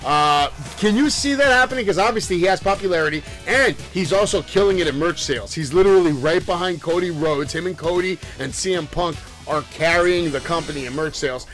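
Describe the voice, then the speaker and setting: A man's voice: a little high, brisk, few pauses, a bit bright, soft background music. A man co-hosting a casual wrestling podcast, laid-back and profane, tossing questions to his partner. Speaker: podcast co-host.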